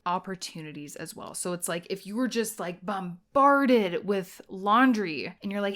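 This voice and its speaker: A woman's voice: medium pitch, normal speed, few pauses, a bit bright. A young adult woman hosting a podcast, giving casual relationship advice in a chatty way, filled with "like" and acted-out quotes. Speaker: podcast host and social media strategist.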